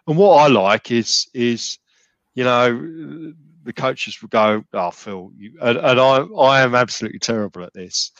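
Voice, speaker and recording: A man's voice: medium pitch, moderate pace, fairly bright tone, dry recording, dull audio. A man talking casually as a podcast guest, rambling with many restarts and fillers. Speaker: gym client and podcast guest.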